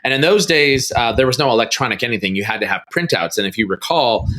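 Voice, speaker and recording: A middle-aged man, a podcast guest, telling a story in a casual interview and acting out quoted dialogue with big pitch jumps. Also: lively intonation, quick pace, bright, forceful tone.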